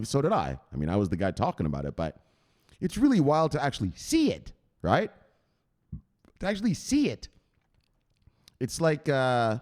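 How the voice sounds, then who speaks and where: A man hosting a crypto channel, chatting excitedly and profanely, who shouts out exclamations and then drops to low mutters. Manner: swings between loud bursts and low mutters. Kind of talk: excited unscripted livestream chat.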